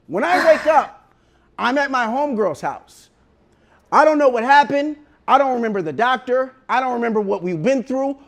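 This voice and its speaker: A man telling a true story in casual slang, animated and profane, bursting into shouts at the peaks. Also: very high voice, unhurried, long pauses.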